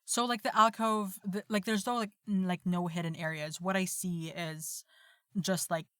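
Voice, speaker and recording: A woman's voice: on the low side, fairly even intonation, normal speed, a bit bright, no echo, clean studio sound. A woman playing a tabletop game, talking hesitantly with many fillers. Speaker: player. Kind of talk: casual tabletop play.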